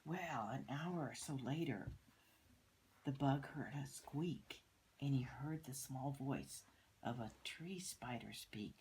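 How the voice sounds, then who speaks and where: An older woman reading a picture book aloud to children, pausing to point out the pictures. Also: extremely low pitch, animated, a little mellow, a little hiss or hum, poor audio. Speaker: storyteller.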